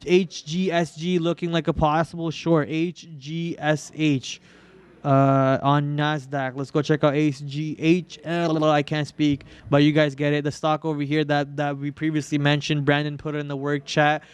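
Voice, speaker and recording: A young man runs a live trading stream in a casual, joking way, groaning theatrically over his losses. His voice is smooth and sits a little high. The sound is dry and close to the mic. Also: little pitch movement, moderate pace, dry recording. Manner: joking, melodramatic whining about losses. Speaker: trading livestream host.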